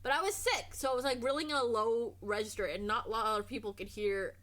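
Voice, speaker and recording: Rambling woman streamer, slightly high voice. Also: fairly quick, a bit bright. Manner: rambling, trails off and restarts. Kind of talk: casual gameplay commentary.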